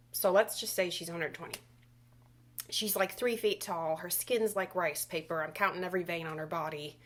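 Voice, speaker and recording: A young adult woman telling a comic story, swinging between whispers and loud bursts with exaggerated delivery. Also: mid-range voice. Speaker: comedian storyteller.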